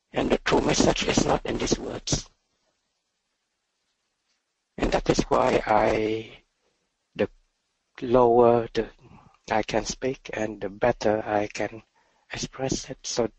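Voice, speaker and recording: Soft-spoken slow meditation teacher, man. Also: mid-range voice, vocal fry, no room sound, poor audio. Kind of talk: dharma talk.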